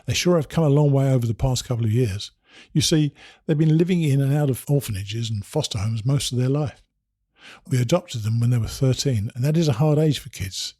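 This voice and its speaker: A man voicing a matter-of-fact mother who lays out unsettling details in an even, unbothered way. The voice is mellow and a little husky, and the recording is dry and close. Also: mid-range voice, a little fast, no echo, close to an everyday voice. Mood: calm.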